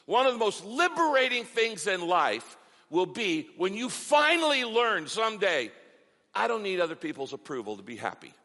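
A man's voice: high voice, big pitch swings, moderate pace, bright, forceful tone. A middle-aged man preaching a sermon as pastor, with an emphatic, repetitive cadence. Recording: long reverb of a large hall.

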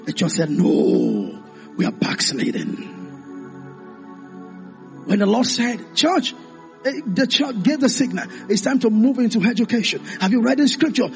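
A man preaches a sermon in a very high, lively voice. He calls out to his congregation for answers and climbs into impassioned shouts. Faint music plays underneath. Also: fairly quick. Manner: call-and-response, rising to impassioned shouts.

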